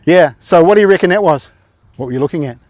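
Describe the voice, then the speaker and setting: Man coaching rugby drills, higher voice. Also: expressive, fast, a little mellow. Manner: encouraging, asks players questions, informal. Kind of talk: coaching players through tackle drills.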